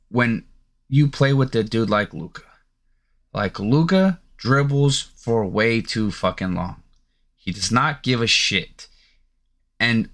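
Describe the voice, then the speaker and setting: A man's voice: mid-range voice, a bit bright. A man hosting a sports podcast, ranting in a heated, profane, rambling way with plenty of filler. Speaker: podcast host. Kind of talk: casual sports rant.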